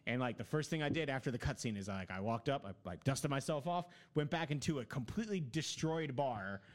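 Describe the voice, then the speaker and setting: A man's voice: medium pitch, expressive, brisk. A man in casual chat, telling long rambling stories about a video game with many fillers.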